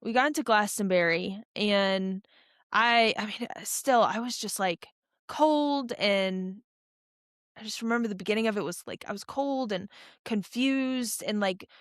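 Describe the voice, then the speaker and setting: A young woman recounts a race in a loose, chatty way, stumbling over restarts and fillers as she goes. Her voice sits at an ordinary middle pitch, and the sound is dry, with almost no room in it. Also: measured pace, no echo. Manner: animated, rambling storytelling with many fillers and restarts. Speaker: podcast guest, ultra runner. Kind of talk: casual storytelling interview.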